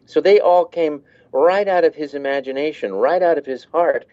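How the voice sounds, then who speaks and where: A man's voice: fairly high pitch, normal speed, darkish tone, highs cut off. A man who works as a voice actor, talking casually in an interview and laughing as he demonstrates voices.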